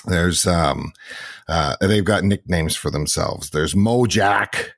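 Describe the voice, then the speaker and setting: A man's voice: sits low, slow, creaky, no echo, studio quality. A man in his forties, hosting a podcast, talking casually and unhurriedly, repeating words as he builds a story. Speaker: podcast host and lodge owner. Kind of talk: casual conversation.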